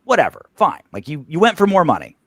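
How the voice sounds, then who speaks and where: Guy ranting on a sports podcast, pitch jumps all over, dry close mic, swears and trips over his words. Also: dry recording. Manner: animated, swearing, rapid restarts. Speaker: podcast co-host. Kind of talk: casual sports podcast chat.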